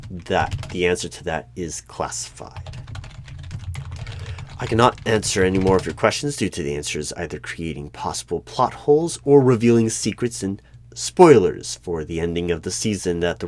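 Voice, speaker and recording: A man playing a deadpan secret-bureau hiring manager, very deep. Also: slight background noise. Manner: formal, bureaucratic questioning. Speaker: interviewer. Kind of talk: one-sided audio role-play.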